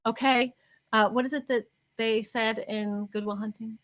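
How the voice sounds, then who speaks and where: A chatty woman co-hosting a casual livestream, her voice bright and lively. She sits a little high in pitch for a woman and runs off on long tangents as she talks. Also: moderate pace. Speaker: co-host.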